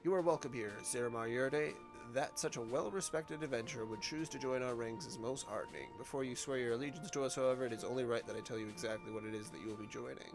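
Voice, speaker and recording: A man's voice: medium pitch, fast, few pauses, natural voice. A man voicing a stern male naval recruiting officer, formal and over-pronounced, with game music behind.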